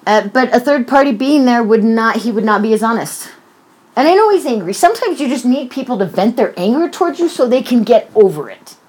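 A middle-aged mother talks about her son in a heated, emotional conversation, swearing freely and acting out other people's voices. Her voice is a little high and a little mellow, and she speaks briskly and with great animation.

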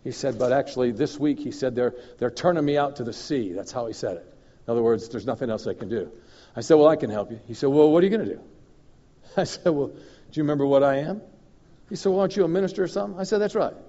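A man preaching as a guest minister, telling a story in an animated way that swings from loud and emphatic to low and confiding. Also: quick pace. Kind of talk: storytelling sermon. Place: church hall. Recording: dull recording in a reverberant hall.

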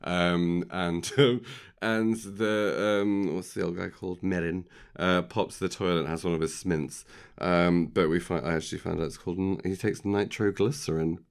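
A deep-voiced man chats casually as a podcast co-host. He rambles and jokes, filling gaps with plenty of ums. His voice is smooth and clear. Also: steady tone, normal speed. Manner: rambling, filler-heavy, jokey. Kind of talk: casual chat recapping a film.

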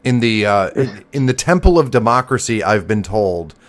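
Midwestern man, podcast co-host, low voice, laughs a lot, sarcastic banter. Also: lively intonation, normal speed. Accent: Midwestern American. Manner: laughs often, jokey and sarcastic. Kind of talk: casual chat.

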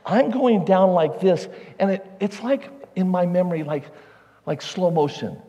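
A male pastor telling a lively personal story in a conversational sermon style. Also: sits high, unhurried, dull audio. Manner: animated, conversational, self-deprecating. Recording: long hall reverb.

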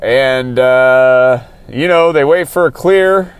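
A man's voice: medium pitch, takes it slowly, smooth, dry recording, poor audio. A man hosting a podcast, recapping a TV episode in a casual, rambling way from inside a car while driving. He keeps talking himself into getting worked up. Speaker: podcast host.

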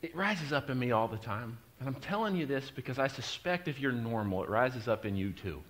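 A middle-aged man, preaching a sermon and telling a story, moving from quiet, confiding asides to loud, driving emphasis. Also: medium pitch, animated, a little fast, slight background noise. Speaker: pastor.

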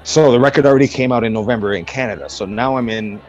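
A man recounts an anecdote with mounting excitement, jumping into the voices of the people in his story and scattering fillers between phrases. His voice sits at a middling pitch. The audio is slightly dull and lo-fi. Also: fast. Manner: excited, acts out quotes, many fillers. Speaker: guest musician. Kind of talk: animated storytelling.

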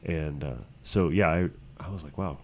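Really deep voice, guy talking slow and unsure, bit of noise behind. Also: fairly even intonation, a little mellow. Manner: hesitant, filler-heavy, measured. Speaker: podcast guest, cousin. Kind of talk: casual chat.

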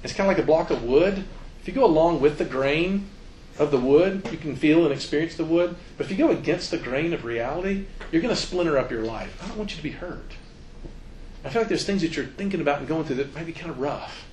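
A man's voice: a little high, quick pace, a little hiss or hum, poor audio. A middle-aged man giving a conversational church seminar talk, acting out quotes as he goes. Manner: conversational, animated, acts out quotes. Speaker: youth ministry speaker.

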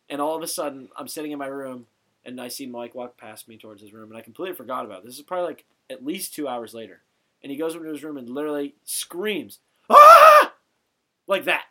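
A young man co-hosting a casual podcast, telling stories in an animated way, swearing casually and often laughing. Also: mid-range voice. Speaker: podcast co-host. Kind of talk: casual chat.

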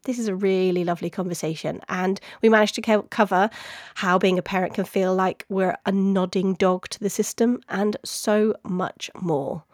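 A woman's voice: mid-range voice, fairly even intonation, a little mellow, no echo, studio quality. A middle-aged woman hosting a podcast, chatting in a playful, jokey way. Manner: playful, jokey, quick to laugh. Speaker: podcast host. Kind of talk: casual chat.

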